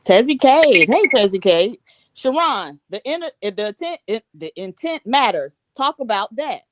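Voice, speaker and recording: A woman's voice: on the high side, big pitch swings, moderate pace, fairly bright tone, dry recording, clean studio sound. A woman hosting a live-stream talk show, playful and sassy, reading viewer comments. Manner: playful, sassy, reads chat aloud.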